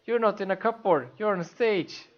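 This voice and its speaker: A man voicing an excitable little male creature who bosses others like a stage director. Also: high-pitched, moderate pace, lo-fi sound, pitched above the performer's own voice, lightly acted. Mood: bossy. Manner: bossy stage-director bluster.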